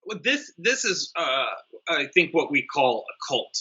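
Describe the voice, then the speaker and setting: A man co-hosting a casual comedic movie review, animated and jokey, swearing freely and acting out the characters. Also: fairly high pitch, measured pace, highs cut off. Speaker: film review podcast co-host.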